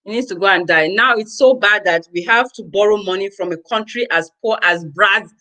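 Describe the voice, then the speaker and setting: A Nigerian woman ranting straight to her viewers in a vlog, exasperated and exclamatory. Her voice sits at an ordinary middle pitch, and she keeps circling back to the same phrases with rising disbelief. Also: a little fast, sharp tone, poor audio. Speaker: vlogger. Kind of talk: casual ranting commentary to viewers.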